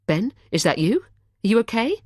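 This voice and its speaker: A woman's voice: a little high, very animated, moderate pace, dry recording, studio quality, voice pushed up. A woman voicing an anxious, caring young woman in an audiobook, with urgent, rising questions in a raised voice. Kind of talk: audiobook character voice.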